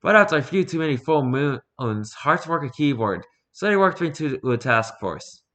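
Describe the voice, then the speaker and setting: A man voicing a brash male werewolf task-force agent who talks loud and taunting. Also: a little high, very animated, normal speed, voice pushed up. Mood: wry.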